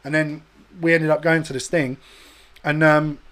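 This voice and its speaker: A man telling a sweary, animated story on a casual podcast chat, acting out other people's voices. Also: fairly high pitch, moderate pace. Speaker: podcast host.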